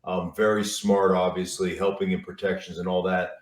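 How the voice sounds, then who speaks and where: A middle-aged man, a football analyst appearing as a guest, rambles through stories in a casual interview, repeating words and leaning on fillers. His voice sits low with a level tone and a moderate pace. The mic is distant and the room sounds roomy.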